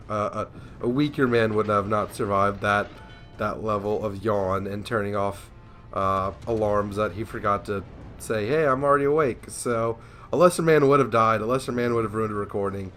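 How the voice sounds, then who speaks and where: A man's voice: on the low side, a bit bright. Sleepy, yawning young man commentating gameplay. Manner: sleepy, yawning, rambling self-deprecating.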